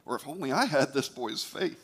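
A man's voice: mid-range voice, lively intonation, fairly quick, husky. A weary, fearful king who speaks with authority but little hope, as a man reads him in a retold scripture story. The voice stays close to the reader's own. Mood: wistful.

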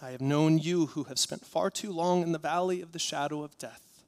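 A man preaching a sermon as pastor, earnest and rhythmic, moving from hushed, slow phrases to impassioned, rising appeals. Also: on the high side.

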